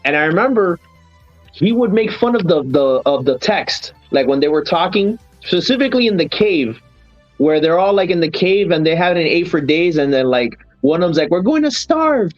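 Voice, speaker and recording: Podcast host, man, animated nostalgic storyteller, dry dull lo-fi sound. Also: fairly high pitch, normal speed, no room sound, faint music behind. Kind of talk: casual podcast chat.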